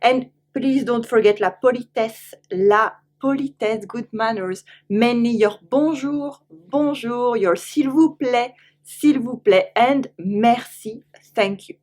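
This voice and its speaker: A woman with a French accent teaching French, saying each word twice slowly and then translating it into English. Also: a little high, darkish tone. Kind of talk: online language lesson.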